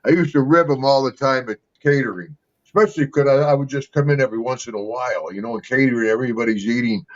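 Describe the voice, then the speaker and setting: An older man who is a guest on an interview talks fast in a mid-range voice, telling casual, rambling stories and laughing often between them. The lo-fi recording sounds slightly dull.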